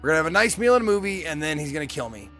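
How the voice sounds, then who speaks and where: A man reads a game's narration and dialogue aloud as he plays, his voice sitting a bit high. He keeps breaking off to joke and curse at what happens on screen. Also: very animated, racing, a bit bright, faint music behind. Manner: reads dialogue aloud, then swears and jokes in reaction. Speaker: gameplay streamer. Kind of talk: reading a game's story aloud and reacting.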